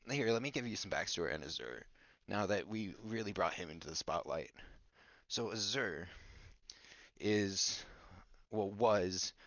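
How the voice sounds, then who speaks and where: Low-voiced goofy podcast host. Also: male voice, fairly bright tone, no room sound. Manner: goofy, rambling, mock-bossy toward his co-host. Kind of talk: casual rambling story recap. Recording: dull lo-fi dry recording.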